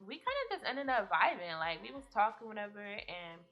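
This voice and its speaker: A woman's voice: medium pitch, very animated, a little fast, muffled recording, soft background music. A young woman vlogger telling a rambling story time in a casual, profane way, often laughing.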